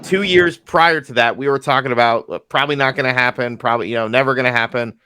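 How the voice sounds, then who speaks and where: Bright-voiced man hosting a podcast. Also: mid-range voice, quick pace, clear, resonant tone, no echo. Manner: chatty, laughs easily. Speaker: podcast host, MMA journalist. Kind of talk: casual interview chat.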